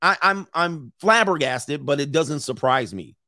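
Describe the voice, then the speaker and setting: A man hosting a live commentary, reading messages aloud and reacting to an audience in the room with blunt, profane, animated asides. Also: fairly high pitch, measured pace, dry recording, clean studio sound. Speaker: commentary host.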